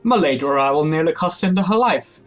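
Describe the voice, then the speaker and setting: A man's voice: on the high side, animated, fairly quick, faint music behind, natural voice. A man reading aloud the lines of a remorseful young male rogue in a game.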